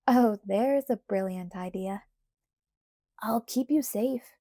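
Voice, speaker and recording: A woman voicing an eager, remorseful teenage werewolf boy in an audiobook, rushing through pleading apologies. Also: mid-range voice, warm tone, dry recording, clean studio sound.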